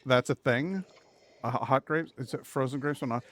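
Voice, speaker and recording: Chatting through a live gameplay stream, a man of medium pitch and normal speed wanders from joke to pun as he plays.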